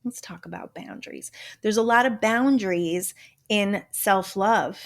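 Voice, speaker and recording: A woman's voice: medium pitch, a little slow, gravelly. An older woman hosting a motivational self-help talk show, emphatic and blunt, swearing casually and now and then slipping into a joking Southern drawl. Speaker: podcast host.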